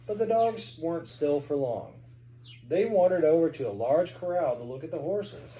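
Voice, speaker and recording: A man's voice: on the high side, expressive, moderate pace, dark tone, reverberant, slight background noise, poor audio. A man from Kentucky, a parent reading a storybook aloud to a child at home, with chatty asides.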